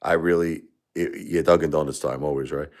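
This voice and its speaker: Brief: middle-aged man, very low voice, rambling and heartfelt, hosting his own livestream. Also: fairly even intonation, a little fast. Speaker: livestream host. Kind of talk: casual livestream talk.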